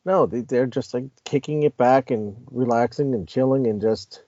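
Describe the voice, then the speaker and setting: A man co-hosting a podcast, talking in a relaxed way and steering the discussion. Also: mid-range voice, normal speed, no echo, dull audio. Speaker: podcast co-host. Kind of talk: casual review chat.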